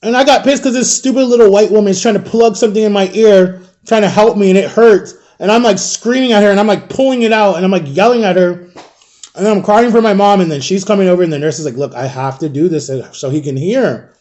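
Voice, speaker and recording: Here the vlogger, a man in his thirties, talks in a high, slightly mellow voice at a quick pace. Between bites he tells his audience a long personal story in a loose, wandering way, heavy on fillers and speaking straight to them as "guys."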